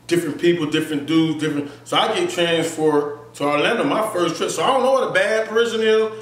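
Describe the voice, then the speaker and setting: A man tells his story in an animated, casual way and keeps checking in with the listener. His voice sits high. He is recorded off-mic in an echoey room. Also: a little fast, far from the mic. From Florida, US. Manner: animated, acts out voices, frequent "you feel me". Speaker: interview guest.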